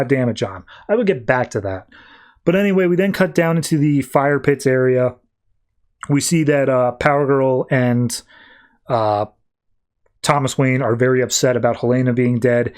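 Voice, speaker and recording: A man casually recapping a comic book issue on a podcast, paraphrasing the characters' lines with lots of "like". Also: fairly high pitch. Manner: retells dialogue in quick casual paraphrase with many "like"s. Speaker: podcast host.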